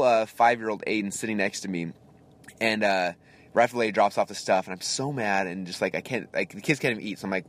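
A podcast host, a man in his thirties, tells a casual story solo. He talks quickly and stays animated the whole time, and he acts out the people in his anecdotes. His voice sits at an ordinary middle pitch for a man.

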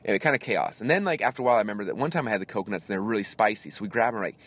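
Fast-talking animated male podcast host. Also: on the low side. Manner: animated, acts out voices in anecdotes. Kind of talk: casual storytelling monologue.

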